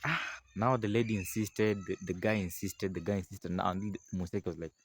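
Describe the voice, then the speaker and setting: A man telling a village folk tale outdoors in a rambling, animated, casual way, acting out the figures himself. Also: deep voice, brisk, a little hiss or hum. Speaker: storyteller. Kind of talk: casual oral storytelling.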